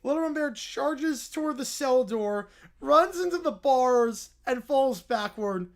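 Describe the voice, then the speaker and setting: A man's voice: extremely high pitch, a little slow, creaky. A man hosting a livestream, reading fan-written comedy stories aloud and reacting with laughter between the lines. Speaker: livestream host.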